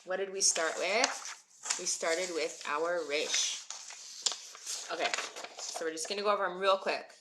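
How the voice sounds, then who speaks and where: Against a noisy background, a woman speaks on the low side, unhurried and with long pauses. She's in her thirties, moved to Israel as an adult, and is teaching Hebrew reading on a live stream, chatting with viewers and replying to their comments by name.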